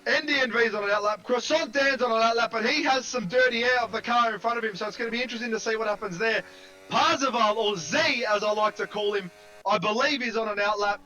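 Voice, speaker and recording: A man commentating a sim racing qualifying session live, excitable and jokey, shouting over the big moments. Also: extremely high pitch, quick pace, poor audio.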